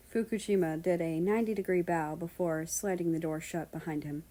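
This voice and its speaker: A woman narrates a fan fiction story in an even, storytelling voice. Her pitch sits low for a woman and stays steady. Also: fairly quick, few pauses, rough recording. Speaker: story reader. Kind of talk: reading fan fiction aloud.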